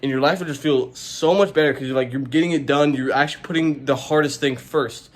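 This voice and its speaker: A man's voice: on the high side, steady tone, brisk. A young man talking in a casual self-help vlog, rambling with lots of filler words. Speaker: YouTuber.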